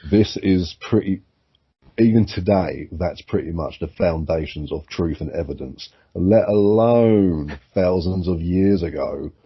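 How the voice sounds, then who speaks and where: A man with a very low, husky voice, talking in a relaxed, rambling podcast chat. He swears constantly and gets animated as his theories build. The sound is dull and lo-fi. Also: measured pace. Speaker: podcast co-host. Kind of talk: casual chat. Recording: muffled lo-fi sound.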